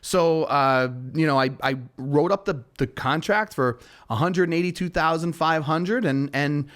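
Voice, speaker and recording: A man's voice: on the high side, a little slow, fairly bright tone. A man who hosts a real estate show, casually telling a personal story in a rambling, self-deprecating way, with lots of restarts. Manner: rambling, with frequent restarts and fillers. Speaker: real estate broker, podcast host.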